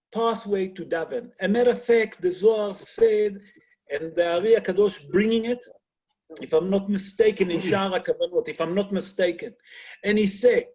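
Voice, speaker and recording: A high, warm male voice with a breathy edge belongs to a rabbi teaching an online class over video call. He speaks earnestly, poses rhetorical questions and uses non-native English grammar.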